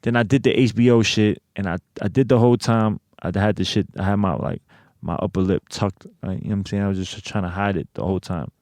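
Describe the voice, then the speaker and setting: An American man with a low, slightly mellow voice talks at a quick pace as a guest in a casual interview, with no room sound. Recounting a personal story, he swears heavily, sounds streetwise and keeps reaching for filler phrases.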